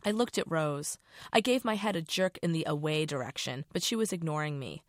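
A middle-aged woman author reads her own novel aloud in a low voice. Her first-person narration is casual and profane, and the sound is dry and close. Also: brisk, no echo.

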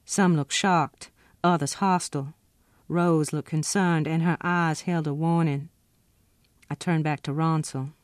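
A woman author reading from her own novel in a steady, expressive first-person narration. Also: sits low, unhurried, dry recording, studio quality.

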